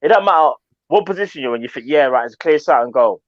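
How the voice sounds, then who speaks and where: A man's voice: a little high, fast talker, no room sound. A man co-hosting a fan show, chatting casually with slang and frequent laughter. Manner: animated, laughs a lot, slangy. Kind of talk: casual football banter. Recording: dull dry sound.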